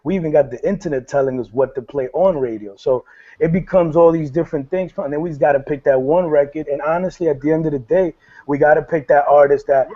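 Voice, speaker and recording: A man on a panel talking in a slangy, animated, casual way. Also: a little high, fast. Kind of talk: panel discussion. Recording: dull lo-fi sound.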